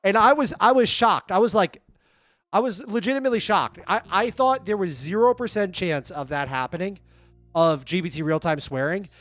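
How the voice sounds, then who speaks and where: A man live streaming and chatting to his viewers, excitable and stammering through restarts. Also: sits high, normal speed, no echo. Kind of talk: casual live stream chat.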